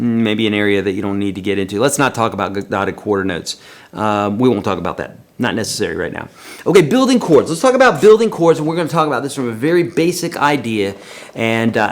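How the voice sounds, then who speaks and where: A man teaching a live-streamed guitar lesson, counting beats aloud in a chatty, encouraging way. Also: mid-range voice.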